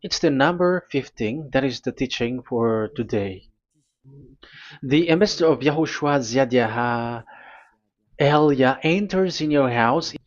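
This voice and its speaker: A man preaching a sermon, speaking in halting, deliberate phrases that break into sudden emphatic bursts. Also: medium pitch, animated, muffled recording.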